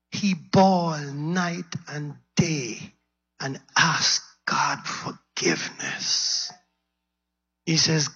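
A man preaching a sermon, retelling a story dramatically and acting out its quotes in a husky voice. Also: fairly high pitch, fairly even intonation, slow, a bit bright. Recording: dull lo-fi recording.

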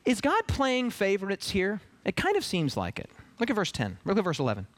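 A man preaching a sermon, animated and full of rhetorical questions, acting out the voices of the people he talks about. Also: high-pitched, fairly quick. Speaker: pastor.

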